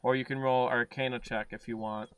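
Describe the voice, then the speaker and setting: A man narrating a tabletop game as dungeon master, pausing often with ums and uhs. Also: mid-range voice, flat delivery, fairly bright tone. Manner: hesitant, many fillers.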